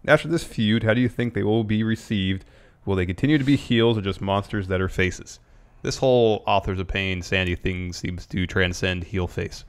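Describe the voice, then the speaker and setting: A young man co-hosting a casual wrestling review podcast, talking in a measured, analytical way and steering the conversation. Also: fairly low pitch, clean tone. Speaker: podcast co-host.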